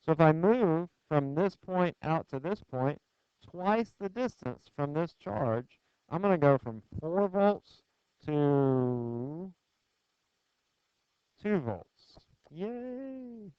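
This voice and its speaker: A man's voice: a little high, expressive, slow, clean tone, dry recording. A man giving a physics lecture, putting questions to the class in a conversational, joking way. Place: lecture hall. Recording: dull lo-fi classroom screencast audio, dry.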